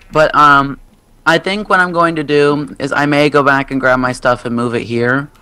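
A woman's voice: deep voice, fairly even intonation, measured pace, pauses often, sharp tone, smooth. A teenage girl chatting casually and giggling while playing a game. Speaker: gamer. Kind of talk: casual gaming chat.

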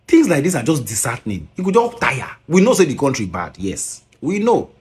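A man's voice: mid-range voice, wildly swooping pitch, fairly quick, a little mellow. A man with a Nigerian accent scolding in a commentary video, mixing Pidgin and English and firing rhetorical questions.

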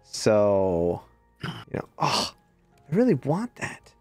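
A man's voice: on the low side, wildly swooping pitch, takes it slowly, darkish tone, no room sound, soft background music. A man casually chatting and laughing while streaming a co-op game, thanking viewers now and then. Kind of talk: casual gaming chat.

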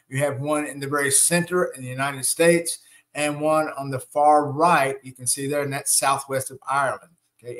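Calm man guiding a meditation. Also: a little high. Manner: calm, gentle instructions with frequent "okay" check-ins. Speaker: spiritual center leader guiding a ceremony. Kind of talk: guided breathing meditation and slide explanation.

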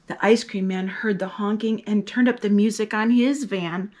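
A woman reading a picture book aloud to children, lively and expressive, acting out the story's characters. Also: medium pitch, normal speed.

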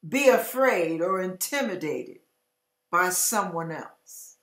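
A woman preaching an emotional sermon, fervent and emphatic, sometimes breaking into loud cries. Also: medium pitch, lively intonation, slow pace, reverberant. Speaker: online preacher.

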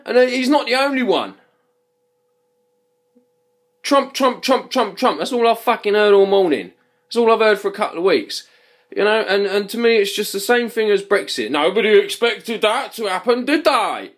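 A man's voice: sits high, lively intonation, normal speed, fairly bright tone. A man delivering an angry, profane rant to camera, repeating himself as he gets worked up. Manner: heated, swearing, repeats himself. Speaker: vlogger.

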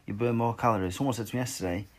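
Racing along in a fairly low voice, a twenty-something boxer fields fan questions. The chat is casual and rambling, full of blunt talk and swearing.

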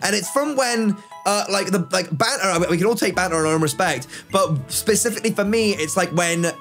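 A man's voice: high voice, a little fast, a bit bright, faint music behind. A British man chatting casually while gaming with friends, teasing and laughing often. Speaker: gaming co-host.

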